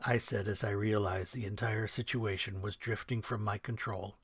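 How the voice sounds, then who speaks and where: A man narrating his own crime novel in the first person, measured and wry, in a recording studio. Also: fairly low pitch, steady tone, husky, no room sound.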